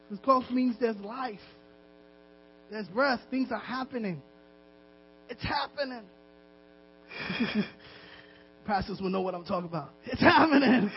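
A man preaching a sermon as a pastor, exhorting his listeners with insistent repetition. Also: very high voice. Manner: impassioned, repetitive exhortation with laughs. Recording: dull lo-fi recording with mains hum.

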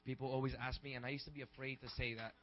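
Young pastor preaching, muffled lo-fi. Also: male voice, mid-range voice, flat delivery, rapid-fire. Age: 20s. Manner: conversational, rambling, rising to shouts. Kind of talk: sermon. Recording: dull lo-fi recording.

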